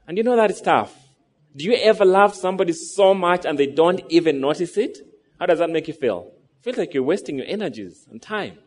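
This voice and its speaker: A man's voice: sits high, sing-song, fairly quick. A man in his thirties preaching a sermon to a congregation, asking them rhetorical questions as he goes. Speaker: pastor.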